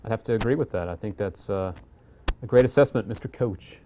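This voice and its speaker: A man hosts at a brisk clip, reading out viewer questions and prompting his guest to answer. His delivery is casual and encouraging. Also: on the low side, dark tone, slight background noise. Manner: friendly, reads questions aloud and prompts the guest. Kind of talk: casual live-stream chat.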